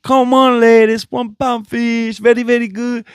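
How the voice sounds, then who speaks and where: A loud male fish hawker calls out to passing shoppers in a high, sing-song chant, as a man puts him on. The voice sits far above a normal speaking pitch. It is delivered smooth and close, with a dry sound. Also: flat delivery, unhurried, no room sound. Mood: hawking, sing-song.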